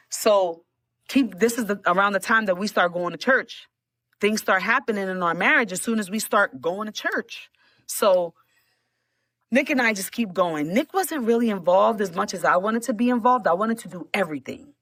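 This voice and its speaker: A middle-aged woman telling her testimony as a guest, animated, repeating words and laughing often. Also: medium pitch, normal speed, dry recording. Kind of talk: emotional storytelling.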